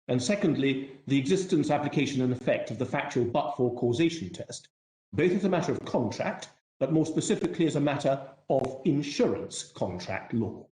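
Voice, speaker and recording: Male barrister, mellow voice, measured courtroom submission, echoey room. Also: medium pitch. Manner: formal, measured, self-deprecating, courteous.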